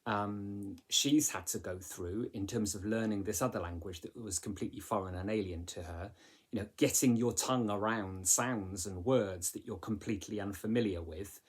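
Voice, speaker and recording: Chatty husky male English teacher. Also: on the low side, moderate pace. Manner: chatty, asks rhetorical questions, many fillers. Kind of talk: recorded literature lesson.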